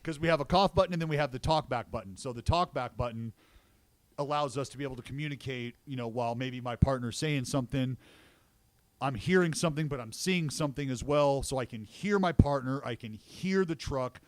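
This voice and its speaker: A man who calls baseball games, chatting casually on a podcast and telling animated stories, swearing freely. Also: mid-range voice, a little fast, no echo. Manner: excitable storyteller who swears and gets loud reliving plays. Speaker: baseball broadcaster and podcast co-host. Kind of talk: casual chat.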